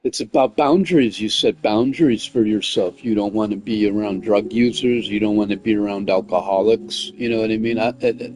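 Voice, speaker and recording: A man's voice: on the low side, brisk, few pauses. A man chatting casually on a gaming livestream, rambling with lots of "like" and "you know what I mean", and getting heated as he tells a story. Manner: gets heated and loud when retelling conflicts.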